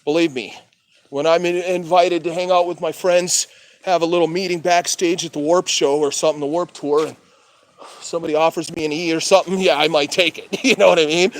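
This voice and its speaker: Man, high voice, profane casual rant, laughs between remarks. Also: fairly even intonation, brisk. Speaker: street vlogger.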